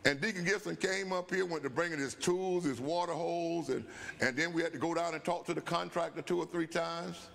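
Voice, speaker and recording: Older man preaching, gravelly and bright. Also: a little high, steady tone, a little fast. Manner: storytelling preacher, rising to shouts. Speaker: bishop and pastor. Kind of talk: Bible study preaching. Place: church sanctuary. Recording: long church-hall reverb.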